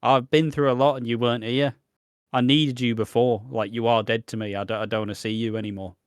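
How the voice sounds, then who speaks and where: A man's voice: mid-range voice, level tone, brisk, clean tone, no room sound, studio quality. A man co-hosting a podcast, blunt and casually swearing, explaining with lots of fillers. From Britain. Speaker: podcast co-host. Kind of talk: casual chat.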